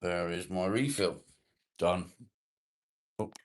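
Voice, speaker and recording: A man's voice: sits low, slow. A man hosting a casual livestream, greeting viewers by name and bantering jokily as he reads their comments. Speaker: livestream host. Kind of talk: casual live chat, reading viewer comments.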